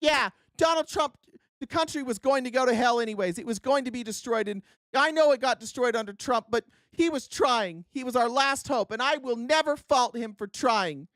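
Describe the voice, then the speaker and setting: A political commentator voicing a mocking, whiny diehard voter who shouts sarcastic lines in a raised voice. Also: animated, moderate pace, no room sound, studio quality, natural voice. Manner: shrill and shouting, sarcastic mimicry.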